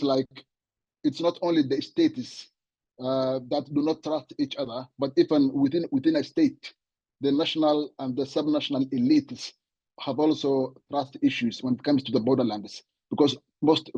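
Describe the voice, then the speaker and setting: A man gives a conference panel talk, stumbling often through fillers and repeated words. His voice is mellow and a little husky. The recording is dry and dull, with a lo-fi edge. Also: mid-range voice, dry recording. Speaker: panel speaker.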